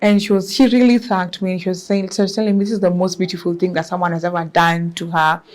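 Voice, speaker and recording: A young Kenyan woman with a Kenyan accent, telling her story in a lively, expressive way in a casual interview. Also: fairly low pitch, fast. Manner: lively and expressive, mixes in Swahili words. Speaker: guest entrepreneur.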